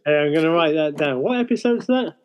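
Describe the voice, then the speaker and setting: A man's voice: fairly high pitch, lively intonation, a little fast, darkish tone, slight background noise. A man co-hosting a podcast, chatting in a wry way, recorded on a lo-fi setup. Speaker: podcast co-host. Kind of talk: casual chat. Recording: dull, lo-fi with long reverb from an unplugged mic.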